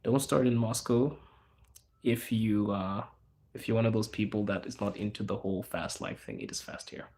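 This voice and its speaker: A man from Zimbabwe hosting a casual livestream, chatting loosely with viewers and answering their questions in a relaxed, slangy, rambling way. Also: lowish voice, moderate pace, creaky. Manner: relaxed, slangy, rambling with fillers and self-corrections. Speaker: livestream host.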